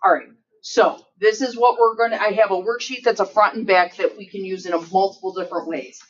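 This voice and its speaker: A woman's voice: medium pitch, fairly even intonation, brisk. A woman teaching math to a class, chatty and joking, checking in with the students often. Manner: chatty, checks in with frequent "right?" and "okay?"; joking, self-mocking asides. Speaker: high school math teacher. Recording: distant dull classroom recording, faint noise.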